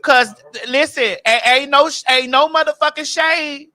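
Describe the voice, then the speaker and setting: A brash woman host with a bright, forceful voice. She talks in a loud, profane, animated rush, telling stories to her co-hosts. The chat is casual and unfiltered. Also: high voice, a little slow. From Florida.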